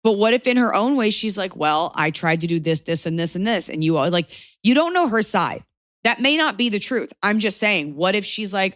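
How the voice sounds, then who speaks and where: A woman's voice: medium pitch, lively intonation, a little fast, a bit bright, dry recording, studio quality. A woman in her thirties hosting an advice podcast, talking bluntly and acting out quoted voices. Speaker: podcast host giving advice. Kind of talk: casual advice chat.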